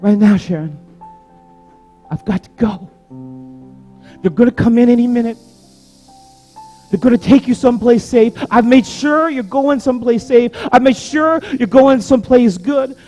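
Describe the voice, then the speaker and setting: Preacher voicing a kind policeman, soft and reassuring. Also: very high-pitched, unhurried, long pauses, soft background music. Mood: tender. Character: gentle male policeman comforting a child.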